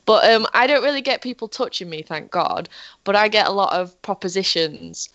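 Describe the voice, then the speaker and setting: A woman's voice: mid-range voice, lively intonation, moderate pace, a bit bright, no room sound. A woman chatting casually on a podcast, blunt, swearing freely and saying "like" a lot. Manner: blunt, swears, many "like" fillers. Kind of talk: casual chat. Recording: slightly dull lo-fi sound.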